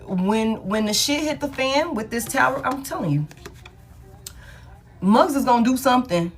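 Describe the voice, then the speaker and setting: A tarot reader with a fairly high, animated voice at normal speed gives a live reading to a caller. She talks casually and emphatically, repeats her points and swears freely.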